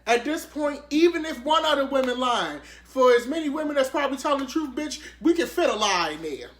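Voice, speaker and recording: Sassy, animated man with a bright voice. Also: a little fast, reverberant. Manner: animated, profane, sassy, swings to shrieking highs. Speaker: commentary vlogger. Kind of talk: casual comedic commentary.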